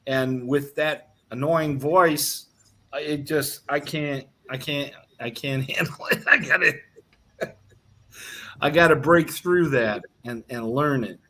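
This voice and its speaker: A bright-voiced man speaks slowly and chattily as a co-host, often breaking into laughter. He sounds like he is on a video call. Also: on the high side. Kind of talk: casual conversation.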